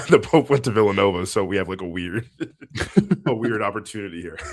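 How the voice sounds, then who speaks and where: A man with a deep, low-pitched voice co-hosts a casual sports podcast. He rambles through his points with plenty of ums and breaks into laughter often. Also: fairly quick. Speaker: podcast co-host. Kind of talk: casual chat.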